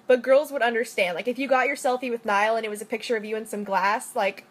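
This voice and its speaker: A woman's voice: on the high side, fast talker, hardly any pauses. A young adult woman chatting casually into her phone camera, rambling and joking with lots of "like". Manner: rambling, joking, heavy use of "like". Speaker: vlogger. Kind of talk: casual selfie-story chat.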